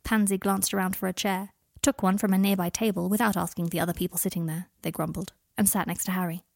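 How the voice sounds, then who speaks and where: A woman reading a story aloud in a soft, low-key narrating voice, recorded close in a dry room. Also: little pitch movement, fast talker, vocal fry, no room sound. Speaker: audiobook reader. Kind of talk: fan fiction reading.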